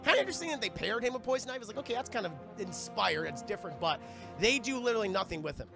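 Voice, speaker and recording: A man giving a casual live-stream film review, animated and profane, talking straight to his chat. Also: high-pitched, very fast, gravelly, over music.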